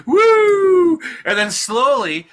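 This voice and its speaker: A man from Canada, hosting a casual talk show, telling a rambling, profane story with frequent laughs and acted-out shouted quotes. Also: medium pitch. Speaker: podcast host.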